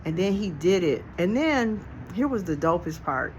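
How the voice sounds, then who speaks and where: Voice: mid-range voice, big pitch swings, moderate pace, a little mellow, a little hiss or hum. A storyteller telling a real-life story in a casual, reflective, slangy way, recorded outdoors on a handheld phone. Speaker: storyteller vlogger. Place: outdoors on a porch. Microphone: phone held in hand.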